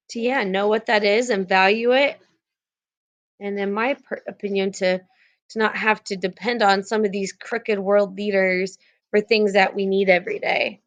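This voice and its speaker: A woman's voice: a little high, fairly bright tone. A young woman teaching a class over a video call, chatty and casual, full of fillers and restarts.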